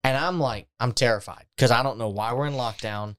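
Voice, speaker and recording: A man telling a story in casual chat, animated and laughing often. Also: medium pitch, brisk, clean tone.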